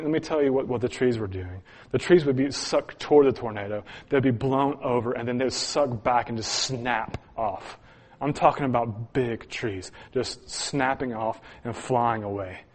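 A man preaching, telling a personal story to his congregation with earnest, chuckling delivery and frequent restarts. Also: medium pitch. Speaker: pastor. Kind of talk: sermon storytelling.

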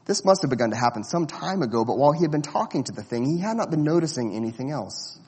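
A man reading a storybook aloud in a measured, expressive way. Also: a little high, slightly rough, long reverb tail. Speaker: narrator.

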